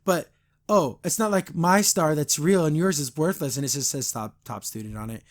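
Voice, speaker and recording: Opinionated man with a slightly high voice. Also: normal speed. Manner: blunt, opinionated and critical; retells scenes, briefly imitating characters. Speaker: podcast host reviewing a cartoon. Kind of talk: casual review commentary.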